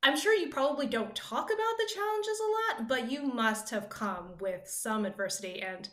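A woman hosts a casual interview, her voice bright and a little high. She encourages her guest with short agreements. The room around her sounds echoey. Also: lively intonation, normal speed. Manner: encouraging, frequent "mm-hmm" backchannels. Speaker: interview host.

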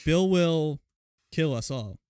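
A man's voice: on the high side, animated, slow, dark tone, clear, resonant tone, no room sound. A young man co-hosting a casual podcast chat, emphatic and jokey, swearing freely. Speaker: podcast co-host.

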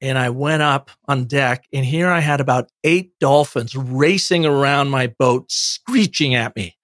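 A man, an author guest on an interview, telling a long anecdote in a lively conversational way. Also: medium pitch, unhurried, dry recording, studio quality. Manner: animated anecdotal storyteller. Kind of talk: conversational storytelling.

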